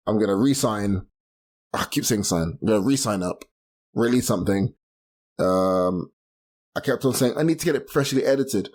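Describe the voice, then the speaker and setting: A man's voice: on the low side, a little mellow. Rambling self-mocking male podcast host. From London. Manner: rambling, self-deprecating, laughs at himself. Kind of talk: solo casual chat.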